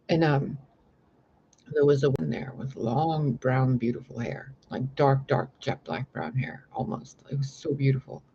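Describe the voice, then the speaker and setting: A man telling a long dream story to his viewers in a rambling, animated way with lots of fillers. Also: vocal fry, breathy edge. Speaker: spiritual vlogger. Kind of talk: casual storytelling to camera. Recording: slightly dull lo-fi with faint rumble.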